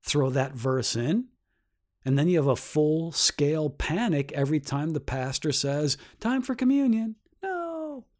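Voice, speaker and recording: A man's voice: steady tone, measured pace. A man teaching a Bible lesson, explaining earnestly and asking rhetorical questions, his voice climbing sharply when he stresses a point. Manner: rises sharply in pitch for emphasis.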